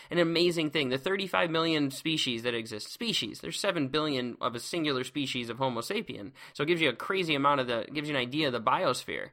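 A man's voice: fairly high pitch, pushed and bright. A man hosting a casual science lecture podcast, seated at a close microphone, exuberant and playful, heaping on words like awesome. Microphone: close microphone, speaking seated.

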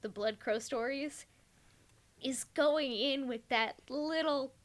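A woman's voice: sits high, slow. A woman hosting a podcast, chatting casually and chuckling after her remarks. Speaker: podcast host. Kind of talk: casual chat.

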